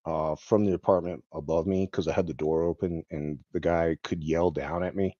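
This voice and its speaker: Low-voiced rambling man telling a story. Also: moderate pace, mellow, no room sound. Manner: rambling, full of "like" and "um", chuckles now and then. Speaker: vlogger. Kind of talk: personal storytelling monologue. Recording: dull lo-fi dry recording.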